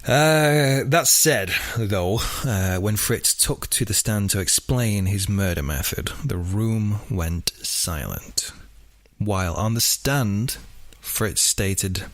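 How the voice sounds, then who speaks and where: A man hosting a true-crime podcast, telling the story in an animated, sweary, casual way. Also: lowish voice, takes it slowly, dry recording. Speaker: podcast host.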